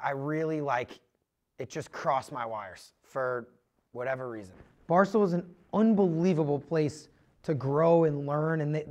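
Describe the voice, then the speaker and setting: A young man telling his own story on a podcast, earnest and confessional, rambling with many fillers and restarts. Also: on the high side. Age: young adult. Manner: rambling, heavy use of "like" and restarts. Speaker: podcast guest.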